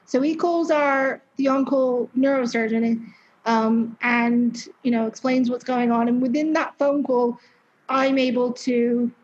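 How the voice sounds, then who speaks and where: A woman's voice: fairly high pitch, a little mellow, a little hiss or hum. A young woman in her twenties telling her story as a podcast guest, chatty and candid, with lots of fillers and some swearing. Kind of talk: casual interview storytelling. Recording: dull lo-fi sound.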